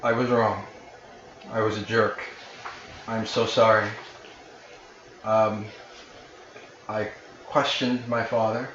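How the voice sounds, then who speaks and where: A man's voice: on the low side, flat delivery, slow pace, pauses often, fairly bright tone, far from the mic. A man plays a remorseful half-orc woman warrior in a tabletop game session. She apologizes plainly and earnestly. It has a roomy, slightly muffled sound with faint background noise. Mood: apologetic.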